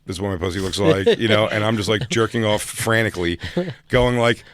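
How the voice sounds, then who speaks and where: A man on a radio studio show, telling crude anecdotes and jumping loud and high when he quotes himself. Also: fairly quick.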